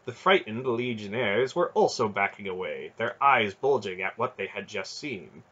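Male fantasy audiobook narrator, low husky voice, muffled lo-fi recording. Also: normal speed. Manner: dramatic storybook narration, expressive. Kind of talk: fan audiobook reading.

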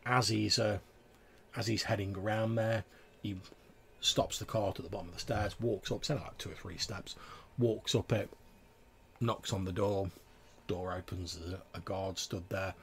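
A man's voice: on the low side, steady tone, normal speed, a bit bright, slight background noise. A man narrating a tabletop game as game master, rambling through descriptions full of fillers.

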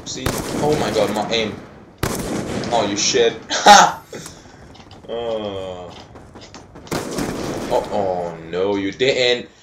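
A young man talks through a shooter match in a slow, drawn-out way, his pitch leaping all over the place. He trash-talks and swears at the other players and now and then shouts. The room sounds hollow and echoey, and in-game gunfire rattles behind him. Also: noisy background. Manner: foul-mouthed trash talk, bursts of yelling. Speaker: gaming commentator. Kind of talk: live gameplay commentary. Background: video game gunfire.

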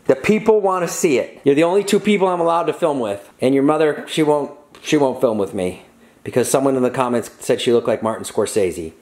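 A man hosting a casual vlog, joking around in a playful, loud, mock-dramatic way. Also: mid-range voice, expressive, brisk. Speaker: vlogger host.

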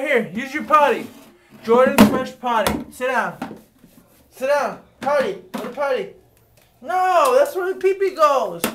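At home in a bedroom, a man films his baby son, teasing and coaxing him playfully with jokes. His voice is very high-pitched, and there is noise in the background.

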